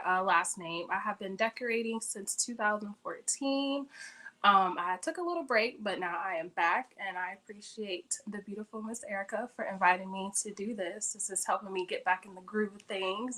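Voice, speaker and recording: A woman's voice: medium pitch, bright, forceful tone. Chatty woman giving decor tips. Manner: chatty, upbeat, addresses audience directly. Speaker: interior decorator speaker. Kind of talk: casual how-to talk. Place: her bedroom.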